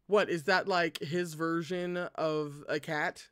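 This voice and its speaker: A man's voice: fairly high pitch, fairly even intonation, slow, few pauses, a bit bright, smooth. A man reading a novel aloud and breaking off for chatty, swearing commentary. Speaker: book reader.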